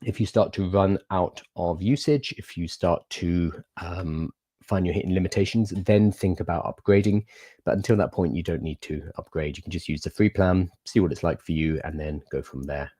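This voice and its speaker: Guy chatting on a livestream, low voice, dry close sound, explains stuff easy going. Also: normal speed, dark tone, no room sound. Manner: chatty, explanatory, answers viewer questions. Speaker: livestream host. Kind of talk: casual livestream chat.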